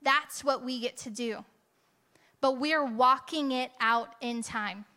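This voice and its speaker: A woman's voice: sits high, slow pace, sharp tone. A woman preaching a conversational, emphatic sermon to her church, full of rhetorical asides.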